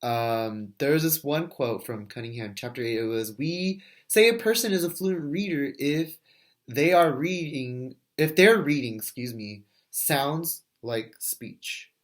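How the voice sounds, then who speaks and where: A man's voice: medium pitch, lively intonation, measured pace. Casual young man reflecting aloud. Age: 20s. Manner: casual, thinking aloud with fillers and restarts. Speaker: first grade teacher. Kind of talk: recorded class discussion reflection.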